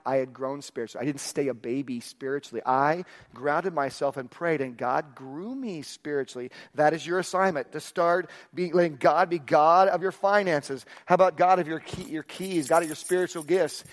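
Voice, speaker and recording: Male pastor, high voice, emphatic preacher who acts out prayers; long hall reverb. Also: moderate pace. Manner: emphatic, acts out his own prayers aloud. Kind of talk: sermon. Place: large church hall.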